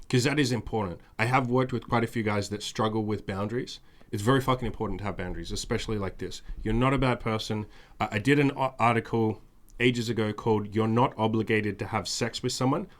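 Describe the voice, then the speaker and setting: Blunt, profane male podcast host. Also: mid-range voice. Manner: blunt and profane, emphatic lists and repetition; mimics whiny demands in a raised voice. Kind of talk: casual podcast chat.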